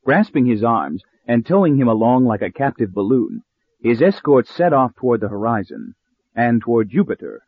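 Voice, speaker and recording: A man narrating a story in an audiobook style with steady, expressive reading, recorded with narrow phone-like sound. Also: medium pitch, moderate pace, breathy edge, dry recording.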